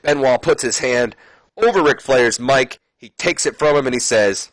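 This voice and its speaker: A man's voice: medium pitch, moderate pace, no echo. A man casually narrating a simulation game, rambling with fillers and correcting his own slips. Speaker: let's play commentator.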